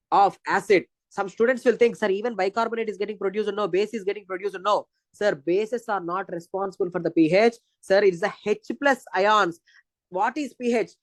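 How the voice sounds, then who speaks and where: A man's voice: high-pitched, no room sound. A man with an Indian accent teaching physiology in an exam-prep lecture, repeating points step by step. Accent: Indian English. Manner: repetitive, explaining step by step.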